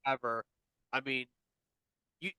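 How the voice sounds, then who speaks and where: Podcast host guy, bright clear voice, rambly, dry sound. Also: mid-range voice, moderate pace, no echo. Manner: rambling, restarts, chiming in. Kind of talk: casual chat.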